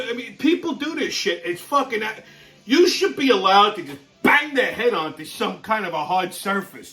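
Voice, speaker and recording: A man's voice: sits high, pushed and bright, low-quality recording. A man hosting his own show, ranting in a brash, foul-mouthed, exasperated way, with a profane comedic style. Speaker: host.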